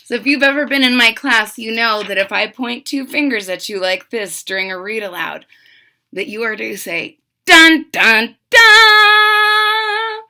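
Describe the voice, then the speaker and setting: A woman teacher reading a picture book aloud to children, expressive, with chatty asides to the class. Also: medium pitch, normal speed.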